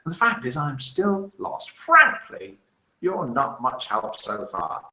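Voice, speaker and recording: A man reading a lost, pleading balloonist guy; lively, roomy echo. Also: fairly high pitch, slow, exaggerated voice. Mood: exasperated. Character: lost exasperated male balloonist.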